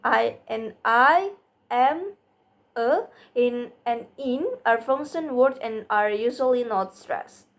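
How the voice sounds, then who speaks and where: A young woman speaks, giving a student presentation on phonetics. She reads at a very slow, deliberate pace, in a slightly high voice, and often trips and restarts her words with small fillers.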